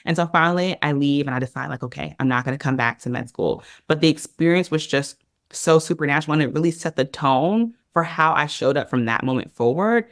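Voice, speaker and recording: A woman talks through a personal story as a podcast guest, animated and chatty, peppering her speech with casual fillers. Her voice is recorded close up in a dry space with no room sound. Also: low voice, brisk, no room sound. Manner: animated, chatty, heavy use of "like" and "girl".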